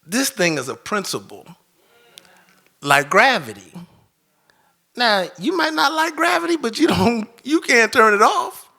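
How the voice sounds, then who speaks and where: A man voicing God as a calm, patient, gently teasing male deity with a deep, unhurried voice. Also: creaky, full character voice.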